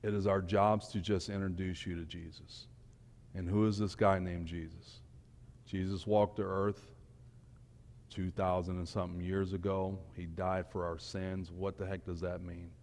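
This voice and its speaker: A man giving an informal, emotional sermon to young people, swinging between quiet and loud. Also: low voice, little pitch movement, moderate pace. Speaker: speaker at a church youth talk. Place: church hall. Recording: long church hall reverb.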